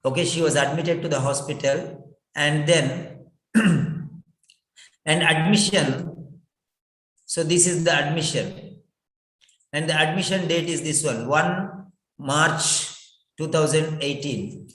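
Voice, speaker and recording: A man teaching a writing lesson slowly, repeating words and spelling them out letter by letter. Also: on the high side, a bit bright. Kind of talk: online exam-prep lesson. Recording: echoey room.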